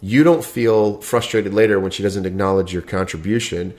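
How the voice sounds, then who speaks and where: A middle-aged man co-hosting a podcast, calmly explaining ideas with step-by-step everyday examples. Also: on the low side, normal speed. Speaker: podcast co-host. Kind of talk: casual podcast chat.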